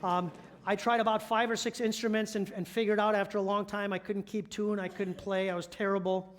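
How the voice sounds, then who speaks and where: A high-pitched man delivers a church sermon as one of the elders. He talks in a conversational, storytelling way and keeps asking the listeners rhetorical questions. He sounds middle-aged. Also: flat delivery, fairly quick.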